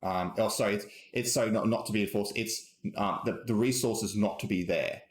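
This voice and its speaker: A man's voice: fairly low pitch, fairly quick. A man hosting a casual tech live stream, rambling with lots of ums and restarts as he corrects himself. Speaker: host. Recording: roomy echo.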